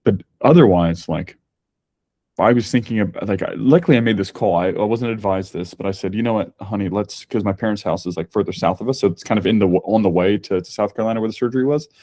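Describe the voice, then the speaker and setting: A man, a guest on a podcast, tells his story in a candid, chatty way. His voice sits a little low. The recording is dry, with no room sound. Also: fast talker, mellow, dry recording. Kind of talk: casual conversation.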